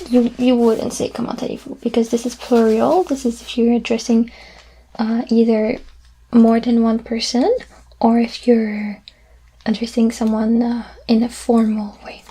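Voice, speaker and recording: A woman in a whispered role-play as a French teacher, soft-spoken and patient, repeating each word slowly. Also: a little high, level tone, slightly rough.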